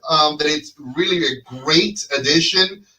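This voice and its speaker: A male host chatting on a live show, animated and joking with rambling sales patter. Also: on the high side, unhurried, distant mic, low-quality recording. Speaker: host and cigar brand representative. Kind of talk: live casual chat show.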